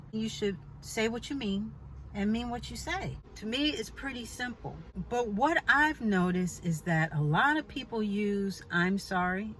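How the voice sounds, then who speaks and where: A woman's voice: mid-range voice, a bit bright, slight background noise, poor audio. A woman telling a personal story in a chatty, emphatic way, with pointed asides to the listener. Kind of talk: casual storytelling vlog.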